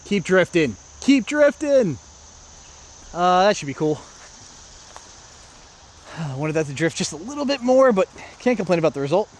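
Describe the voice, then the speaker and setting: American man, slightly high voice, chatty outdoor vlog host, faint crickets behind. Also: animated, moderate pace, long pauses, a little hiss or hum. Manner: chatty, self-narrating, talks to viewers. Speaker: disc golf vlogger. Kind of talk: casual play-by-play vlog. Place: outdoor park course.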